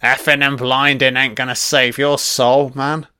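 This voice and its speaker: A British man giving a casual commentary on a film. He reacts out loud and swears often as he rambles. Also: medium pitch, little pitch movement, unhurried, smooth, no echo, clean studio sound. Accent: British English.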